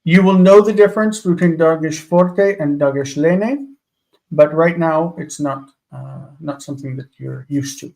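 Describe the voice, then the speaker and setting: A man's voice: fairly high pitch, unhurried, vocal fry, a little mellow. A man teaching a live online Hebrew lesson over a video call, patiently explaining and repeating example words.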